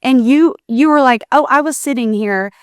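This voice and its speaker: A woman's voice: high-pitched, normal speed, smooth, no echo, studio quality. A woman co-host chatting on a talk show, emotional and rambling as she cuts herself off and restarts her sentences. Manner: emotional, rambling, self-interrupting. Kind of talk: conversational chat.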